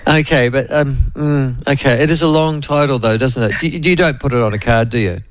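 A man's voice: medium pitch, brisk, no room sound, low-quality recording. A man with a New Zealand accent hosting a radio show in a rambling, chatty, digressive way. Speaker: radio host. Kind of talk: casual radio chat.

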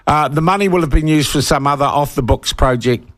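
This sixty-something talkback host from New Zealand reads listener texts and delivers an opinionated monologue, getting more indignant, emphatic and worked up. His voice runs on the high side, fairly quick and a bit bright.

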